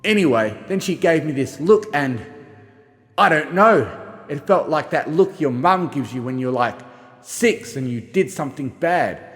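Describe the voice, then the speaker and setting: A man narrating a first-person journal as an audiobook, reading expressively and shifting between gruff and frightened delivery. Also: on the high side, animated, measured pace, long reverb tail, faint music behind. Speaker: audiobook reader.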